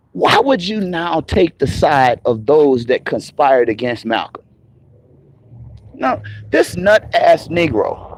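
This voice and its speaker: Give me a slow, scornful man hosting a livestream rant, voice pitched high. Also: no echo. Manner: combative, mocking, profane, laughing scornfully. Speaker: livestream host. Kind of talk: heated livestream rant to chat.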